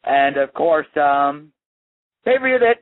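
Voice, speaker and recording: A man's voice: a little high, big pitch swings, slow pace. A man co-hosting a wrestling talk show, telling stories casually with lots of "like" and "um". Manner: storytelling, full of "like" and "um". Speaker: radio show co-host. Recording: tinny phone-line sound.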